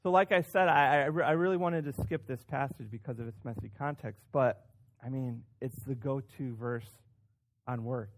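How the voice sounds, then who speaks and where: A man's voice: mid-range voice, moderate pace. Male pastor, sermon delivery, casual, repeats words, punches key points. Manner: conversational, self-deprecating, with frequent restarts and emphatic rises.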